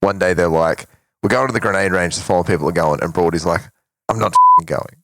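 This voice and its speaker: Deep-voiced man telling a story. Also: fast, noisy background. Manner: storytelling, laid-back banter. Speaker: podcast co-host. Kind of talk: casual chat.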